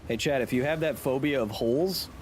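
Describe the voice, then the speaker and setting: A man's voice: mid-range voice, brisk, a little hiss or hum. A man hosting a live game stream, joking around and chatting with viewers as he plays. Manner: playful, jokey, chatting with viewers. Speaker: gaming streamer and host.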